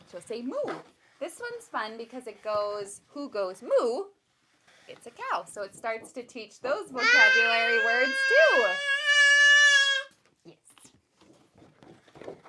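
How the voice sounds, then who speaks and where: Woman doing baby storytime at home, bouncy up and down voice, bright and clear. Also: fairly high pitch, slight background noise. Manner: lively, playful, talks to her toddler. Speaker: children's museum educator. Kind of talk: baby storytime talk to caregivers.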